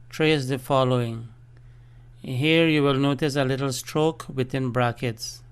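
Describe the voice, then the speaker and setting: A man's voice: mid-range voice, clean tone. A man teaching a language lesson, patiently spelling out letters and syllables one by one.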